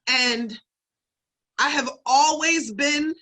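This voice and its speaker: High bright-voiced woman, heartfelt. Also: drawn-out words, rough recording. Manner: heartfelt, builds up to excited retelling then hushed. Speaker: speaker introducing the host. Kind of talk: emotional personal testimony.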